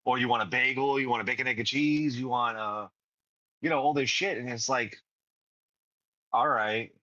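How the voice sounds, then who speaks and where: A man from New York talks in a bright, forceful voice with a New York accent. He rambles and swears through a loose podcast chat. The sound is dry and a little dull. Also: medium pitch, normal speed, dry recording. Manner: rambling and profane, heavy fillers. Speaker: podcast co-host. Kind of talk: casual chat.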